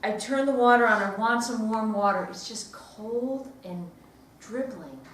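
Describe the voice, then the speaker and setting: A woman's voice: fairly high pitch, unhurried. Woman telling a story in an echoey room. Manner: swings between hushed whispers and loud excited outbursts. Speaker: Toastmasters club speaker. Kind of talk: dramatic storytelling speech. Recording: very echoey room, distant mic, faint noise.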